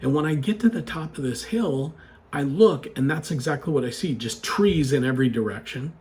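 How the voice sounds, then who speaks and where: A man telling a personal story in a casual, chatty way, animated and full of asides to the listener. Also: a little high, a little fast. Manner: chatty, animated retelling with frequent "you know" asides.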